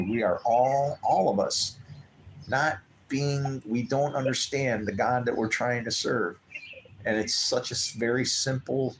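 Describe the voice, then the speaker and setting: A man hosting a live stream in a casual storytelling chat, animated and acting out quoted voices with big jumps in pitch. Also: creaky, a little hiss or hum. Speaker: livestream host.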